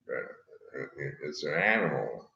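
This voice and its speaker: Deep man rambling in an echoey room. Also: expressive, unhurried, creaky. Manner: disjointed, swearing, bursts into loud shouting. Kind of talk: rambling talk. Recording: echoey room, dull lo-fi sound.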